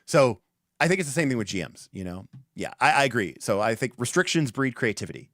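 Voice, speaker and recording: A male livestream host chats about game design in a loose, animated ramble. His mid-range voice sits close on a desk mic with a dry, dead sound. He doubles back and restarts often. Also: medium pitch, brisk, no echo. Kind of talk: casual livestream chat.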